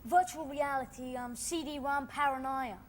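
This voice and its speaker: A woman's voice: high voice, steady tone, moderate pace, a loud crowd, close to an everyday voice. A woman playing a blunt film director guest. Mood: matter-of-fact. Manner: blunt, teasing, matter-of-fact. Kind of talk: TV comedy chat show. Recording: noisy TV clip.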